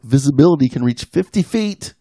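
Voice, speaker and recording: Gravelly man reading an article aloud. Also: mid-range voice, animated, brisk, dark tone, no room sound, studio quality. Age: 40s. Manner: plain read-aloud, wry asides. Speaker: podcast co-host.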